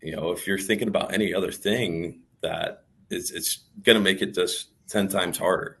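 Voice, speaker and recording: A man's voice: sits low, steady tone, normal speed, creaky, bright, forceful tone, slightly rough. A man who plays professional baseball, telling candid stories in an interview in a thoughtful, rambling way. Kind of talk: reflective storytelling in interview.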